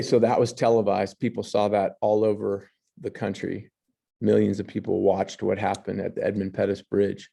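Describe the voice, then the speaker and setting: A man's voice: lowish voice, vocal fry, warm tone. A man teaching history, reading passages and then commenting on pictures, with fillers and restarts. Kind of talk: lecture over slides.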